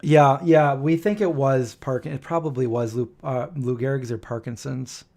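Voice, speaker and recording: A man's voice: mid-range voice, moderate pace, warm tone. A man in his forties hosting a live stream, telling rambling family stories and acting out the dialogue. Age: 40s. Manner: anecdotal, acts out quoted dialogue.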